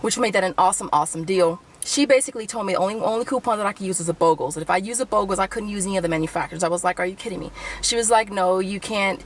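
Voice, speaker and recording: Her pitch sits in the middle and she talks rapid-fire, barely pausing, as she rants to camera from a parked car about a couponing run-in. She acts out both people in the fight, swearing hotly, over a low-quality track with a touch of hiss.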